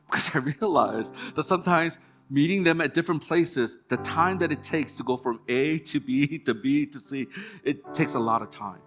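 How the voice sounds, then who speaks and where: A male pastor preaching a sermon in a church, telling stories in a relaxed, conversational way and acting out quoted remarks. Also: on the high side. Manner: conversational storytelling with quoted asides. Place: church hall.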